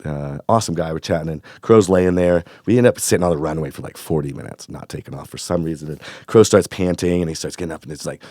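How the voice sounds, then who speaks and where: A man from Northern California telling a long, animated, profane story in casual chat, acting out the voices of the people in it. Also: rumbling low, fast, hardly any pauses, dry recording, clean studio sound. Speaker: podcast guest.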